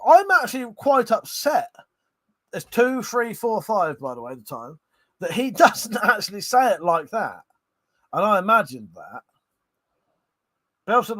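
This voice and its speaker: Slightly tipsy and hosting a late-night livestream, a man reads viewer comments aloud and chats back. His somewhat high, a bit bright voice rises and falls animatedly, full of laughter and casual swearing, captured close and dry with no room sound.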